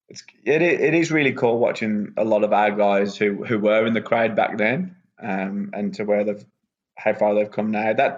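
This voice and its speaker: A wrestler, relaxed and rambling with lots of ums, chatting as a guest on a podcast. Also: male voice, lowish voice. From England. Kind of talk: casual podcast interview. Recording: muffled lo-fi sound.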